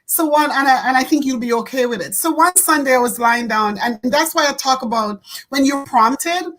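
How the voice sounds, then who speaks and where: Woman host with a high voice, earnest and heartfelt, casual show talk. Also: normal speed, a bit bright, rough recording. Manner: earnest, repeats words, laughs often.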